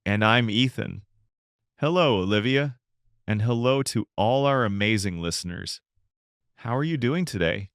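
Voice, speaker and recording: A man co-hosting an English-learning podcast, calmly explaining simple words in a scripted dialogue. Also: on the low side, a little slow, no echo, studio quality. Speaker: podcast co-host.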